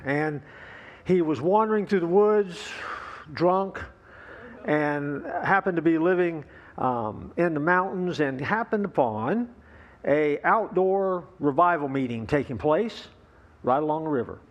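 A man's voice: a little high, measured pace, muffled recording. Folksy storytelling male pastor. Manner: folksy storyteller with relaxed fillers and asides to the congregation. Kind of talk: sermon.

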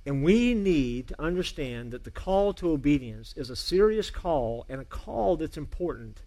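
A male pastor preaching a sermon to a congregation, earnest, urging loudly at times and dropping to a hushed emphasis. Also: a little high, very animated, normal speed.

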